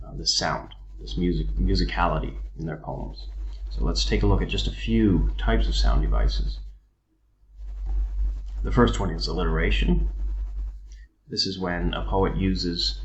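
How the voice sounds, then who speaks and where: A very deep-voiced man gives a recorded lesson, explaining slowly and filling pauses with ums and uhs. The sound is a little dull and lo-fi, with faint clicking and writing behind him. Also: echoey room, a little hiss or hum. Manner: unhurried explanatory delivery with frequent ums and uhs. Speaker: teacher.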